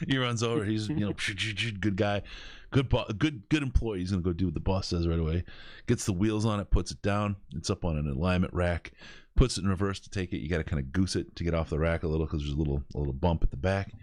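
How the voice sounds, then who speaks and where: A man hosting a podcast, telling stories in an animated way and laughing as he goes. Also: low voice, fast talker, no room sound, studio quality. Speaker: podcast host. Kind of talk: casual storytelling.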